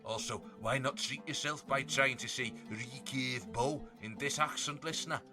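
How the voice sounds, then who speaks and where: A man's voice: mid-range voice, normal speed, music in the background, lightly acted. A man voicing a cheery, laddish archer with a Liverpool accent. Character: chatty Scouse archer, adult man.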